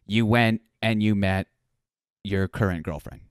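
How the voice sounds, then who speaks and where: A man's voice: on the low side, unhurried, clean tone, no echo, clean studio sound. A man hosting a casual relationship chat, playful and teasing, repeating himself as he reacts. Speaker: host.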